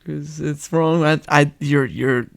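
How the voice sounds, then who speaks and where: A young man chats on his podcast in a slightly high voice. He teases his guest, laughs often, and keeps the tone loose. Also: fairly even intonation, takes it slowly, gravelly. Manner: playful, laughing, teasing. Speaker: podcast host. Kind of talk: casual podcast chat.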